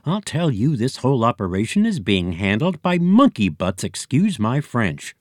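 A man's voice: mid-range voice, sing-song, moderate pace, darkish tone, dry recording, studio quality, natural voice. A man voicing a sassy female elephant receptionist who grumbles and complains. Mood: indignant. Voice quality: huffy, complaining.

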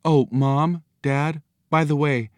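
A man voicing a cheerful young girl in a storybook reading, talking eagerly with a raised, bright voice. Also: a little high, fairly even intonation, slow pace, no room sound, studio quality, voice pushed up. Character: young girl becoming part wolf, cheerful.

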